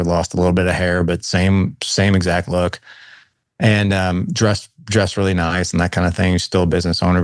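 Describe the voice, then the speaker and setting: A deep, clear, resonant male voice, recorded in a clean studio with no echo. He's a man in his forties from Saint Louis, appearing as a podcast guest and casually telling his life story in conversation, often saying "man" and "like."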